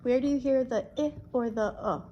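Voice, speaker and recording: A woman teaching a one-on-one phonics lesson, patient, slow and clear, stretching out sounds. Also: high voice, dark tone, lo-fi sound. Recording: echoey room, distant mic, background noise.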